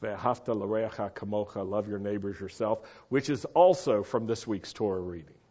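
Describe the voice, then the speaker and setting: An American man preaching a sermon, earnest and emphatic, slowing down to stress his key points. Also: fairly low pitch, dark tone, dull audio.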